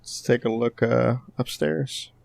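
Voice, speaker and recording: A man's voice: mid-range voice, fairly even intonation, unhurried, vocal fry, a little mellow, no room sound. A man playing a tabletop role-playing game, talking casually and a bit hesitantly. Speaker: player.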